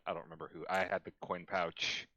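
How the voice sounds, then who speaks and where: A man's voice: deep voice, little pitch movement, fairly quick, bright, forceful tone, dry recording, highs cut off. A man playing in a tabletop game, thinking aloud and unsure of details. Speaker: player. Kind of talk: casual play at a tabletop game.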